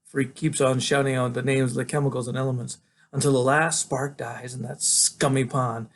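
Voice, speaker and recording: Man reading a story aloud, mid-pitched, gravelly, relaxed and conversational. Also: moderate pace. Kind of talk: novel read aloud.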